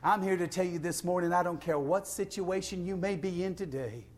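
A man preaching a sermon, reading scripture aloud and swinging from hushed whispers to shouted praise. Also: high voice, a little fast. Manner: reads scripture in King James style.

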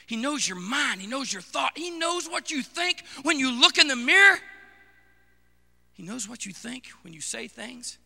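A male preacher delivering a fervent sermon, swinging from shouted exhortation to hushed, intimate asides. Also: very high-pitched, sing-song, moderate pace, vocal fry, big-room sound.

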